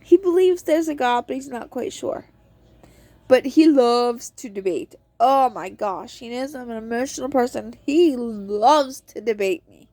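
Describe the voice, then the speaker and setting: A woman's voice: fairly high pitch, a little slow, dark tone, no room sound. A woman hosting a podcast, giving a casual devotional talk on a Bible book and acting out quotes in an earnest storytelling tone.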